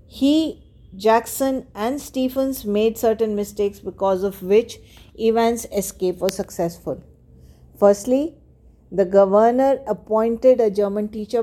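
A woman's voice: a little high, warm tone. A woman teacher explaining a story to students, asking rhetorical questions as she goes. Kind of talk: literature lesson explaining a story.

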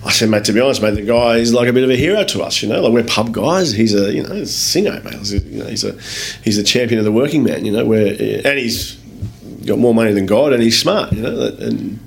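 A man with an Australian accent, a guest telling lively anecdotes in a casual interview, swearing freely and acting out other people's lines. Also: mid-range voice, fairly quick, vocal fry. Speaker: guest, business owner. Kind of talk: casual storytelling in a podcast interview.

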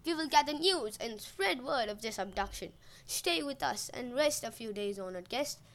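Earnest young prince, solemn and noble, still a high voice, woman reading it. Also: expressive, moderate pace, a bit bright. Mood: reassuring. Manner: solemn, pledging.

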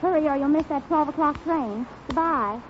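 A woman's voice: high-pitched, normal speed, voice pushed up, lightly acted. A woman playing a pushy scheming wife. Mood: bossy. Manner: brassy, wisecracking, pushy. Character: bossy scheming young wife in a comic sketch. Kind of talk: 1930s radio sketch acting. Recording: tinny crackly 1930s radio broadcast.

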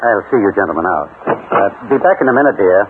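A man playing a smooth, polite husband in a 1940s radio drama, strangely amused and hard to read. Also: on the low side, animated, fast talker, lightly acted. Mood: suave. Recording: tinny 1940s radio broadcast with clear hiss.

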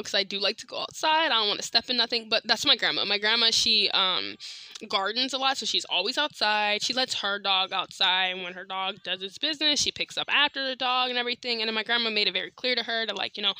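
A woman hosting a podcast, telling a story in a blunt, animated, slangy way straight to her listeners. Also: medium pitch, smooth, no echo. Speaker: podcast host. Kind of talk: casual storytelling monologue.

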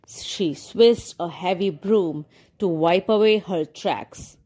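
Slow, gentle woman reading a fairy tale. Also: mid-range voice. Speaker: storyteller. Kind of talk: scripted storybook narration.

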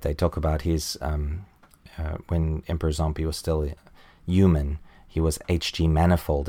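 In a relaxed podcast chat, a low-voiced male host reviews a comic book casually. He laughs now and then and switches into high, squeaky put-on voices whenever he reads a character's lines.

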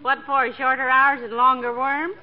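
A woman's voice: sits high, flat delivery, moderate pace, lightly acted. An actress playing a dry, teasing wife who deflates her husband's boasts with sly put-downs in a 1940s radio sitcom. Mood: wry. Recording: dull lo-fi 1940s radio broadcast with faint hiss.

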